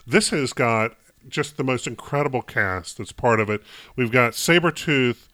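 A man from Chicago co-hosting a casual movie review chat, rambling and halting with many fillers. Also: medium pitch, lively intonation, pushed and bright, dry recording. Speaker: podcast co-host.

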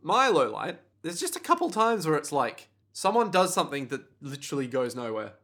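A man's voice: a little high, big pitch swings, brisk, bright, forceful tone. A man co-hosting a casual anime podcast, teasing and playful, swearing casually. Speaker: podcast co-host. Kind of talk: casual anime recap chat.

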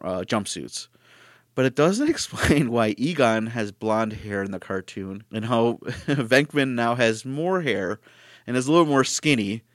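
Low-voiced man rambling through a review. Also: no echo, studio quality. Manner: rambling, self-correcting, chuckles often. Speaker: host. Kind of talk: casual retro cartoon review.

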